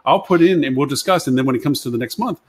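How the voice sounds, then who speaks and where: This agency consultant and show panelist talks fast in a medium-pitched, slightly rough voice. On a live web panel show he chats casually and rambles, often repeating himself and recounting conversations he's had.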